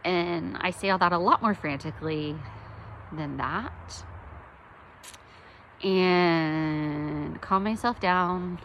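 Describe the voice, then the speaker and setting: A woman's voice: lowish voice, takes it slowly, long pauses, a bit bright, a little hiss or hum, low-quality recording. A young woman from the United States telling a personal story in a candid, self-deprecating way, with lots of ums. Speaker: podcast host.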